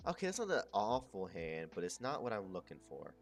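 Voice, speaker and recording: A man's voice: lowish voice, big pitch swings, brisk, faint music behind. A man chatting casually to his stream as he draws, rambling, muttering and swearing. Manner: rambling, muttering to himself, crude slang. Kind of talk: casual chat while drawing.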